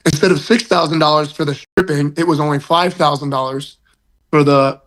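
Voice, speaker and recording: A man's voice: a little high, steady tone, fairly quick, a bit bright. A man guest in casual chat, rambling and self-mocking as he tells a long story, sounding tired.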